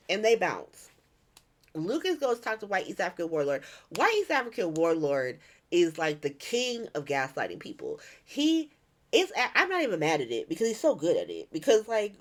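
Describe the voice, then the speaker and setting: A woman hosting a casual recap, animated and profane, acting out every character. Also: mid-range voice, normal speed. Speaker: host. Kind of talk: casual soap opera recap.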